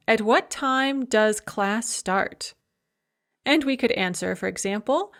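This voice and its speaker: A woman lecturing as a language instructor, explaining step by step and slowing down to model example phrases. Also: a little high. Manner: clear, methodical explaining with slow modeled Russian phrases. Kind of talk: recorded lecture.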